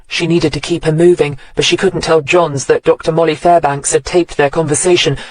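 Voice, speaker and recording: A man reads an audiobook narration in an even, wryly knowing manner. His voice sits a little higher than most men's, and the close studio mic catches it dry, with no room sound. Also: no echo.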